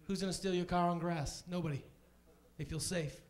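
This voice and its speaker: On a club stage, a man performs a chatty stand-up set at normal speed. He's deadpan but often jumps into high voices to play other people.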